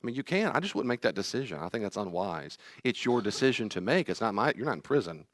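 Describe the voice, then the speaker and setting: A man's voice: fairly low pitch, big pitch swings, quick pace, fairly bright tone, no echo, clean studio sound. A middle-aged man, a therapist teaching a class, telling personal stories in an earnest, pleading way. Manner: earnest, pleading, acts out quoted voices.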